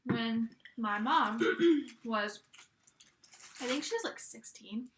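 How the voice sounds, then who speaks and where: A woman's voice: fairly high pitch, slow, roomy sound, a little hiss or hum. A young woman telling a scary story casually, rambling with lots of fillers. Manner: rambling, filler-heavy, relaxed. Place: in a car.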